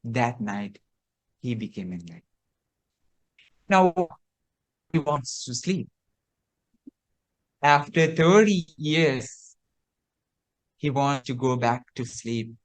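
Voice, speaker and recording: A man, a Buddhist monk, telling a teaching story in a sermon, slow and repetitive with hesitant restarts. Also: mid-range voice, lively intonation.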